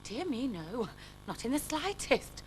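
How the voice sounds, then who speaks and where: A woman voicing an anxious, polite and fussy gentleman with a prim, breathy manner. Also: fairly high pitch, big pitch swings, a little slow, a little hiss or hum, poor audio. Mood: fretful.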